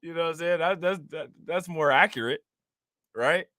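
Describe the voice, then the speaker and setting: A man's voice: on the high side, normal speed, sharp tone, dry recording, clean studio sound. A man giving casual, slangy reaction commentary on news clips, mocking and talking straight to his viewers.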